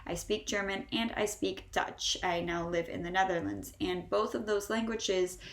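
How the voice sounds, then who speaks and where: A woman with a Northeastern American accent teaching English pronunciation, sounding out model words slowly and repeating each one. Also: medium pitch, reverberant. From Northeastern United States. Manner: slow, drawn-out model words repeated three times. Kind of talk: pronunciation lesson.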